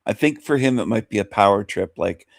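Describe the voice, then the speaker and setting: A man's voice: on the low side, lively intonation, fairly quick, gravelly, dry recording, studio quality. Rambling man hosting a talk show. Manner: rambling, repeats phrases, fires rhetorical questions. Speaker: radio show host. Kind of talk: opinionated monologue commentary.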